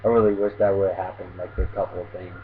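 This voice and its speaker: A man's voice: low-pitched, level tone, racing. A man hosting his own anime review channel, retelling an episode in a casual, rambling way full of fillers. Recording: tinny phone-like audio, faint hiss.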